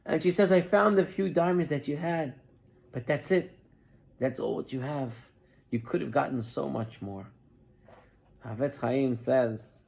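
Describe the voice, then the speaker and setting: A man's voice: on the high side, vocal fry. A man, a rabbi, giving a Torah class, telling a parable. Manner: animated parable-telling with lively voiced quotes.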